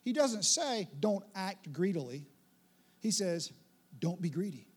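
A man preaching a sermon in an animated way, with playful asides and acted-out quotes. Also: high-pitched, unhurried, husky. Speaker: pastor.

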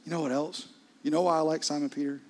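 A man preaching a sermon in a conversational, intimate way, often dropping into hushed asides. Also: fairly high pitch, steady tone, fast talker, gravelly. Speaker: pastor.

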